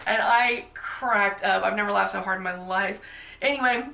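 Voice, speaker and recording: Woman vlogger, animated self-mocking storytelling, bright voice, echoey room. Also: medium pitch, moderate pace, creaky. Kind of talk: casual storytelling.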